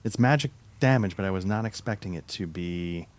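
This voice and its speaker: A man's voice: deep voice, a little fast. A man giving casual gameplay commentary, thinking aloud and trailing off as he plays. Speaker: let's play gamer.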